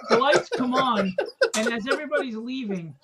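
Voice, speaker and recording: A middle-aged man hosting a livestream, telling stories in casual chat, animated and profane, acting out the people in them. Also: extremely high pitch, normal speed, over a noisy crowd, poor audio. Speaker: livestream host.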